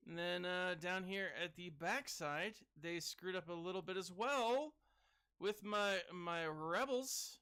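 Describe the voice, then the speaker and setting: A man streams a game and talks through it casually, greeting viewers and letting out bursts of excited whooping. His voice sits a bit high and sounds clean and crisp. He speaks at an unhurried pace. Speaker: game streamer reading live chat. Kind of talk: casual gaming commentary.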